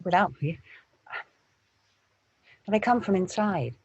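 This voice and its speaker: Actress, husky and low, measured delivery, dry close mic. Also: female voice, animated, no echo, muffled recording. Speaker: actor. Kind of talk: interview answers.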